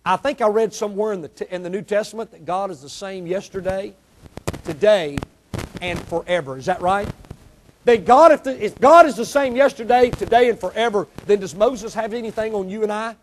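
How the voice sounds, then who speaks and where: A man preaching a sermon, emphatic, quizzing the congregation and swinging between soft asides and loud peaks. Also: sits high, a little fast, slight background noise.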